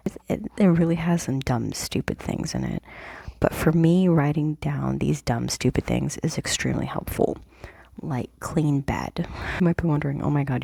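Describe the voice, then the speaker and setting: A woman whispers close to a desk mic in a low, husky morning voice with heavy gravel in it. She talks casually and haltingly, filling gaps with "like" and "um". The sound is dry, with no room around her. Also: dark tone, no room sound. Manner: whispering, halting with many fillers. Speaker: planner vlogger. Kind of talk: whispered casual vlog walkthrough. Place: at a cluttered home desk.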